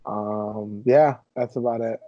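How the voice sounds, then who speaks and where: A young man in his twenties hosting a casual podcast, telling stories with animated, mock-indignant energy. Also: on the low side, takes it slowly, dry recording, lo-fi sound. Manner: animated storyteller, exaggerated indignation. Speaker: podcast host.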